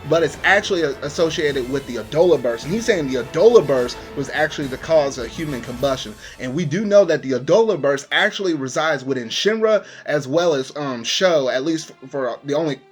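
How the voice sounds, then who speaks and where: A man's voice: fairly high pitch, lively intonation, a little fast, few pauses, faint music behind. A man casually reviewing an anime episode, rambling with many fillers.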